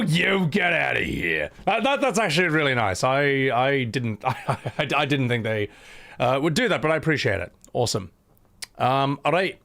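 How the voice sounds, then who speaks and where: A man's voice: medium pitch, a bit bright. A man streaming live, chatting casually with his viewers, swearing and laughing as he reacts to their comments.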